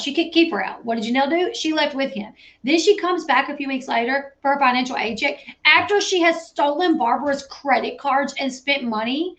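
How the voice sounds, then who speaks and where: A woman host commenting on a reality show clip, animated and chatty, full of "like". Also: high-pitched. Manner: animated, talks over clips with lots of "like".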